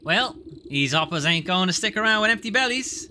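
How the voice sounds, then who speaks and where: A man's voice: high-pitched, animated, fairly quick, sharp tone, a little hiss or hum, pitched above the performer's own voice, full character voice. A man putting on a brash rustic scamp. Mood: boastful. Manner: rustic slangy swagger, wheedling and brash. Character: scruffy cocky young frog-keeping boy.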